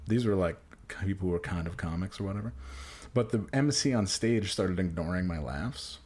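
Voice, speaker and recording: A man's voice: low-pitched, expressive, moderate pace, a little mellow. A man hosting a casual podcast who tells long, profane, self-mocking stories about doing comedy. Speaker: podcast host and amateur comedian.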